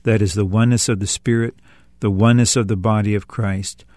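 Measured man speaking in a lowish, dry voice. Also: fairly even intonation, darkish tone, no room sound. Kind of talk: scripted broadcast commentary.

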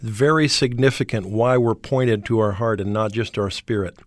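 A man co-hosting a radio Bible program who answers calmly and explains the passage point by point. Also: on the low side, moderate pace, dry recording, studio quality.

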